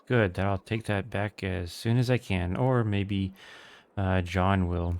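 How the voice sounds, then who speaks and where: A man giving casual gameplay commentary, thinking aloud in a relaxed way with small hesitations. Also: sits low, slow, creaky.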